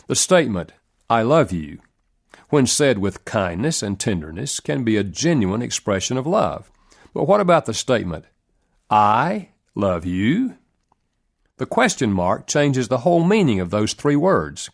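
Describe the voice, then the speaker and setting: A man reading a relationship self-help audiobook in a measured, earnest narration with lively rises in pitch. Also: vocal fry.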